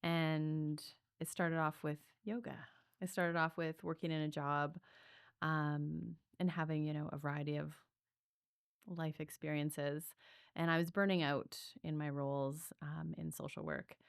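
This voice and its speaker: A woman's voice: low voice, level tone, measured pace, vocal fry, clean tone, no room sound, studio quality. A woman breathwork coach telling her story in a podcast interview, earnest and reflective, with many fillers.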